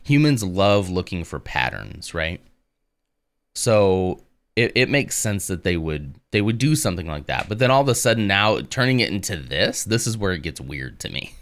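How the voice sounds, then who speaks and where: A man with a low voice speaks loosely and conversationally. He drifts between reading text aloud and replying to his live audience. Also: normal speed. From United States. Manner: relaxed and rambling, reads text aloud and answers chat. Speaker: live streamer. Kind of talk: casual live-stream chat and reading aloud.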